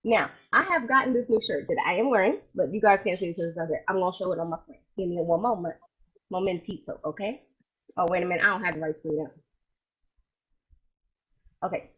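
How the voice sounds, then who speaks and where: A woman co-hosting a podcast, telling lively casual stories in slangy speech with a husky voice over a video call. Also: fairly low pitch, a little fast, long pauses, highs cut off. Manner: animated storyteller, colloquial, laughs easily. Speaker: podcast co-host. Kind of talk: casual chat.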